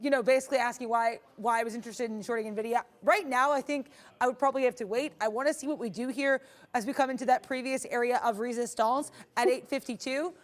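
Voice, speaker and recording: A woman with a somewhat high voice chats through her live trades in an upbeat, loose way. She restarts sentences often and fills gaps with "um" and "like." The tone is friendly, casual stream talk. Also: fairly even intonation, fast talker. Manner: upbeat, rambling, many fillers and restarts. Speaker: day-trading stream co-host. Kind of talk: live trading commentary.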